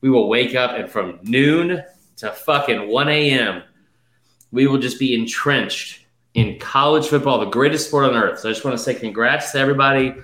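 A man's voice: mid-range voice, moderate pace, pushed and bright, roomy sound, low-quality recording. A man co-hosting a casual sports podcast, rambling and swearing through a mock-emotional speech. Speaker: podcast co-host. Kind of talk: casual sports betting chat.

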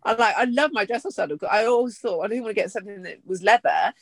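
A woman co-hosting a casual podcast chat from home, self-deprecating and quick to protest. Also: mid-range voice, no echo. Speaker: podcast co-host. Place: home with a pet dog nearby.

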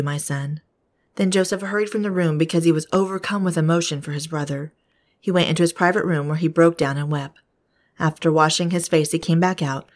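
A woman podcast host reading scripture aloud in a steady, measured way. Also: lowish voice.

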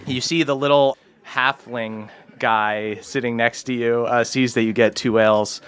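A man narrating a tabletop game as game master, setting scenes in slow, descriptive detail. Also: mid-range voice, steady tone, a bit bright, smooth.

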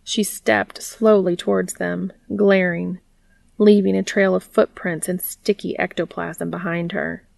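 A woman reading a fan fiction story aloud in a steady, plain narrating manner. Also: lowish voice, a little slow, gravelly, no echo.

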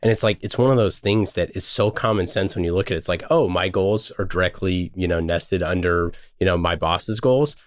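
A man's voice: sits low, a little fast, few pauses. A man hosting a podcast, asking long, casual questions that are full of "like" and "you know". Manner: casual, rambling questions with fillers like "like". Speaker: podcast host. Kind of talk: conversational interview questions.

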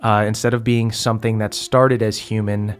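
Relaxed male game master narrating. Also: lowish voice, moderate pace, clean tone, faint music behind. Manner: relaxed, many ums and uhs.

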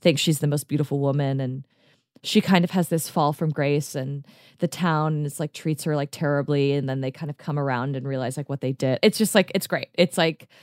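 A woman's voice: low-pitched, fairly even intonation, a little fast, a little mellow, dry recording, clean studio sound. A woman co-hosting a casual podcast, telling stories with enthusiasm and many filler words, acting out what people said. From United States. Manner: enthusiastic, rambling storyteller, many "like" fillers, acts out quotes. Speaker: podcast co-host.

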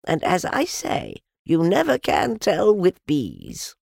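A gentle, slow-witted teddy bear, as a man reads him aloud, who muses earnestly through each idea in long, drawn-out phrases. The voice is husky and gravelly and lifts a little above the reader's own, while the pitch wanders widely. It is a storybook reading in a dry, close sound. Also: wildly swooping pitch, no echo, heavily acted. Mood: earnest musing.

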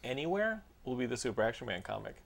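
A man's voice: medium pitch, big pitch swings, fast, creaky. A man hosting a casual podcast chat, joking around, laughing often and tripping over his words as he restarts sentences. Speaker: podcast host.

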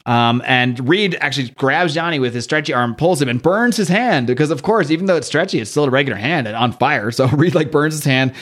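A man's voice: on the high side, lively intonation, fairly quick, hardly any pauses, a bit bright. A man hosting a podcast, casually and chattily recapping a comic book, laughing often as he retells it. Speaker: podcast host.

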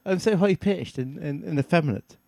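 A man co-hosting a casual breakfast radio show from a studio, excitable and quick to laugh. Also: a little high, vocal fry, dry recording. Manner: giggly and excitable, laughs often.

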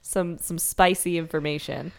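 A woman's voice: low voice, steady tone, moderate pace, vocal fry, a little hiss or hum. A woman co-hosting a casual chat podcast, wry and giggly, from Canada. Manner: wry, giggly, reads quotes aloud in put-on voices. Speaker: podcast co-host.

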